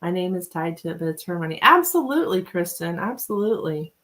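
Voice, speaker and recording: A woman's voice: on the low side, big pitch swings, quick pace, bright, forceful tone, poor audio. A woman reading tarot on a live stream, chatting casually with viewers, laughing often and reading their names aloud. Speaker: tarot reader and livestream host.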